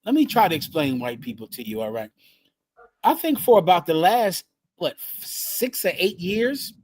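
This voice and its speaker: A man leading a group and preaching in a fiery, emphatic way, repeating his phrases and swinging from loud bursts to hushed lines. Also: a little high. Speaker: group leader teaching scripture. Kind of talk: fiery street-style preaching.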